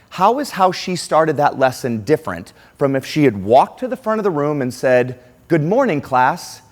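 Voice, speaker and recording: A middle-aged man giving a conference keynote, telling a classroom story and acting out the quotes. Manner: animated, acts out quotes with lively pitch swings. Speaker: keynote speaker.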